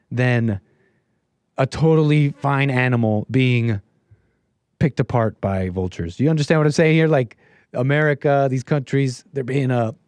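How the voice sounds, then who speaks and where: A man's voice: mid-range voice, a little mellow, dry recording. Rambling male live-streamer, dry close sound. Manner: rambling, chatty, laughs at his chat, many restarts. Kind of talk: casual live-stream commentary.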